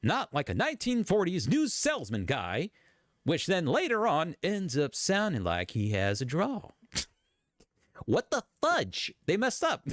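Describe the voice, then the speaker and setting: A man giving casual reaction commentary as a YouTube commentator, chatty and animated. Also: fairly high pitch, unhurried, dry recording, studio quality. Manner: animated, chatty, breaking into laughs and voices.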